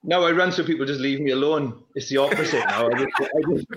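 A young man, a former runner, talking in a casual chat, restless and repeating himself in quick bursts. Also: medium pitch, a bit bright, slight background noise. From Wales. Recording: roomy, dull lo-fi sound.

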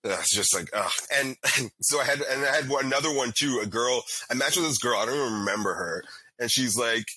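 A young man in casual chat, telling profane, animated stories full of fillers as a podcast co-host. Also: medium pitch, fast talker, breathy edge, rough recording.

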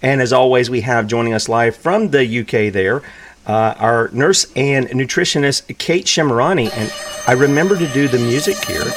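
A man's voice: mid-range voice, expressive, moderate pace, fairly bright tone, a little hiss or hum. A man hosting a live online talk show, speaking emphatically and repeating phrases for effect. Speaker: host.

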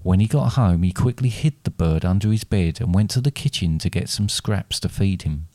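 A man reading his own dark fairy tale aloud as a storyteller, with steady, deliberate narration, then chatting with his co-host. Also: sits low, dry recording.

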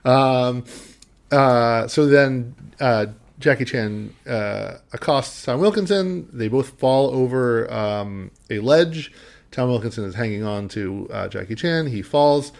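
A man's voice: mid-range voice, animated, slow, gravelly. A man co-hosting a podcast, recapping a film in casual chat and rambling with lots of ums. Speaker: podcast co-host.

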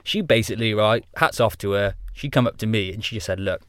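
A man with a fairly low voice tells stories in a laddish, laughing way, full of slang. The sound is dry and close to the mic. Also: quick pace, no room sound. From Wales. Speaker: guest. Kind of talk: casual podcast chat.

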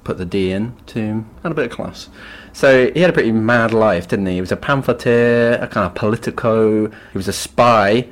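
A man co-hosting a podcast who gives background on a novel with dry, understated humor. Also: fairly low pitch. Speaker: podcast co-host. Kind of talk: casual book discussion.

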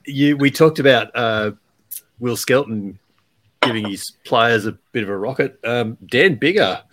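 A man's voice: mid-range voice, a little slow, a bit bright. A man hosting a rugby podcast, chatty and easygoing, who laughs easily and steers the talk. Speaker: rugby writer, podcast host. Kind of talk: casual podcast chat.

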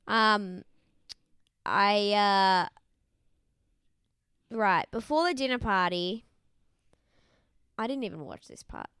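A woman's voice: mid-range voice, slow pace, long pauses, clean tone, no echo, studio quality. A woman co-hosting a podcast, casually recapping a TV show, laughing and acting out the people she quotes. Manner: chatty, laughing, quotes people in animated voices. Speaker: podcast co-host.

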